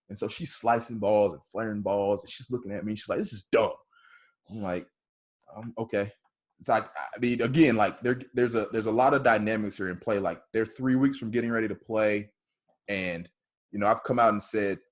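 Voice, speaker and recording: A low-voiced man tells a long story about coaching a hitter, in a loud, bold, chatty way. He takes on both voices in the dialogue as he goes. The sound is the plain audio of a video call. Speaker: softball hitting coach.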